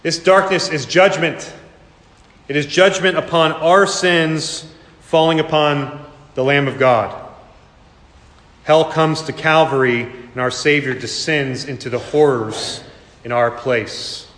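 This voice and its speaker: A man's voice: a little high, steady tone, slow pace, a bit bright. A man preaching a sermon as pastor, earnest and dramatic, sometimes putting on mocking voices. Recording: echoey hall with long reverb.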